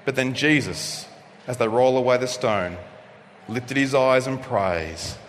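A male pastor delivering a sermon, preaching expressively and swinging from loud passages to hushed ones. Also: mid-range voice, a little slow. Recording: long reverb of a hall, faint noise.

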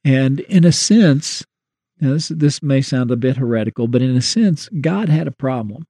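A man's voice: mid-range voice, lively intonation, moderate pace, warm tone, husky, no echo, clean studio sound. A man co-hosting a Christian talk show, explaining theology in a thoughtful, conversational way. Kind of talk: Christian radio discussion.

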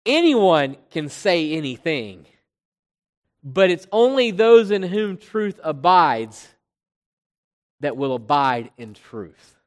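A preacher giving an expository sermon, pressing hard on key words and then dropping low and quiet, often repeating phrases while building a point. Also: sing-song, slow pace. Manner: emphatic, swinging between loud stresses and quiet drops. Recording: long hall reverb.

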